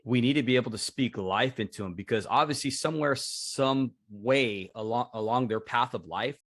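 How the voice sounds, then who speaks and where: A man's voice: mid-range voice, moderate pace, fairly bright tone, dry recording, clean studio sound. A man hosting a podcast, responding to his guest in an affirming, reflective way. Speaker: podcast host. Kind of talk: podcast interview.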